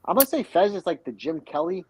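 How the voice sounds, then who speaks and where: A man's voice: sits high, sing-song, quick pace, breathy edge, dry recording, poor audio. A man hosting a podcast, telling a rambling, profane and spiteful story in crude casual banter. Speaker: podcast host.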